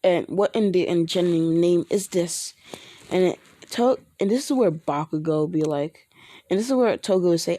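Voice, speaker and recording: A woman's voice: fairly low pitch, normal speed, warm tone, no echo. A woman improvising fan fiction narration in a rambling way, full of restarts and fillers. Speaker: storyteller.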